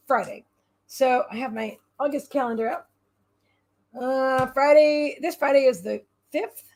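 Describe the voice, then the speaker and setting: A woman hosting a casual livestream from home, rambling and bubbly as she answers viewers' comments aloud. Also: high voice. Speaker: livestream host and psychic reader.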